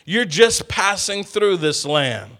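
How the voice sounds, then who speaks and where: High-voiced preacher working the congregation. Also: male voice, takes it slowly. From Texas. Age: middle-aged. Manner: lively, call-and-response with congregation. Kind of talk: sermon.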